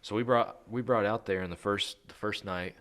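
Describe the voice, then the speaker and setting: A man with a low, deep voice chats casually on a podcast. He rambles through his stories with plenty of fillers and restarts, and he laughs easily as he goes. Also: steady tone, moderate pace, fairly bright tone. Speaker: podcast host. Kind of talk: casual chat.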